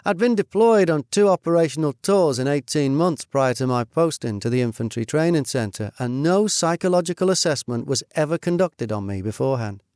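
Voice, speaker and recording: A middle-aged man reading his own memoir in a measured, steady storytelling voice. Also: a little high, dry recording, studio quality. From United Kingdom. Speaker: narrator. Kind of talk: first-person memoir narration.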